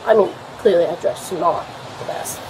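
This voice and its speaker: A woman's voice: lowish voice, normal speed, a little mellow, a little hiss or hum, low-quality recording. A young woman giving a statement to police about an argument, rambling and swearing with many fillers, recorded on a body camera at a home. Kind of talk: recounting an argument to an officer.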